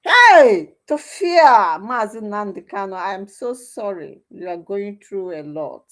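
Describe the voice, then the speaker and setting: A woman with a Nigerian Igbo accent hosting a livestream, moving between soft, sorrowful talk and loud, fiery outbursts. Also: mid-range voice, normal speed. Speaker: livestream host. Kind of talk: emotional livestream commentary.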